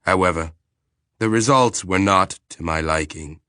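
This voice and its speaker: An ancient alien intelligence speaks slowly and clinically, weighing every word in a deep, bright-edged voice, as a male narrator puts it on. It sounds detached and literal-minded. The reading is dry and close. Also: smooth, no room sound. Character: ancient calm alien planetary mind, sexless.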